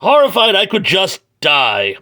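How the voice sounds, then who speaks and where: A frantic male scientist from an old comic book, overwrought with guilt, as a man hams him up in a bright, high voice. He sounds over the top and breathless with panic. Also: huge pitch swings, measured pace, full character voice. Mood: horrified.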